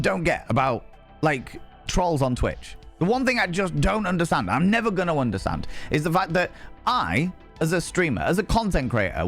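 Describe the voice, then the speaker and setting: Rambling, cheerfully sweary male streamer. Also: fairly high pitch. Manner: swears freely, rambling and animated. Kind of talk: casual live-stream chat.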